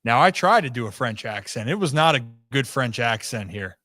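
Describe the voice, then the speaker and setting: A man's voice: medium pitch, expressive, moderate pace, sharp tone. A man hosting a casual sports show, upbeat and playful, telling stories to his co-hosts. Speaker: host.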